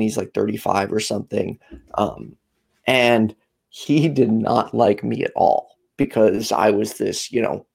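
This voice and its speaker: A man's voice: on the low side, creaky, a little mellow, breathy edge. A man hosting a podcast, telling a long story in a rambling, candid way. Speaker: podcast host. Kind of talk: casual chat.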